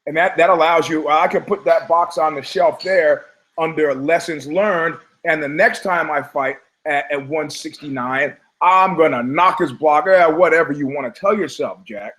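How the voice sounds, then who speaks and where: A man hosting a talk show, delivering a rambling, emphatic monologue, swearing, stumbling over words and slipping into quick mimicry of other people. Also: fairly high pitch, a bit bright. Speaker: podcast host. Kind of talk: opinionated monologue.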